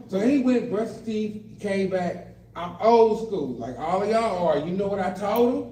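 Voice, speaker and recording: A man's voice: high voice, expressive, normal speed, mellow, slight background noise. An older man doing a stand-up comedy set, telling family stories and acting out the voices of kids and of himself, with a live audience in the room. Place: adult day center, indoors, live audience. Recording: roomy live room, mic at a distance, crowd laughter.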